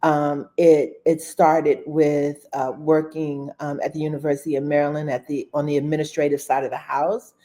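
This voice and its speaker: A woman guest in a casual interview, answering in an unhurried, thoughtful way with many fillers. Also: low voice, flat delivery, warm tone.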